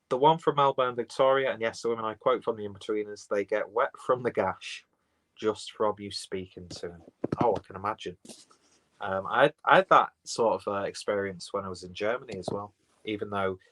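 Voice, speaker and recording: A man's voice: lowish voice, fairly bright tone, rough recording. A man chatting casually on a live beer stream, rambling and reading out viewer comments from his phone.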